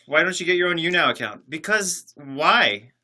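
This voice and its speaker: Reading chat aloud on a livestream, this man responds to viewers with rambling, sarcastic jokes while alone in a separate building. He speaks at normal speed in a higher-pitched, expressive voice with a sharp edge.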